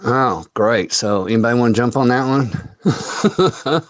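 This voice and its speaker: A man's voice: mid-range voice, animated, slow, dry recording. A man hosting a casual chat from a home under renovation, rambling along with frequent fillers and laughs. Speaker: host.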